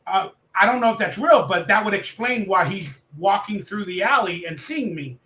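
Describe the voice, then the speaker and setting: Excitable male interview guest with a bright, high voice; roomy sound. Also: moderate pace. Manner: excitable, acts out quoted voices. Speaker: actor guest. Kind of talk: animated storytelling in a live interview.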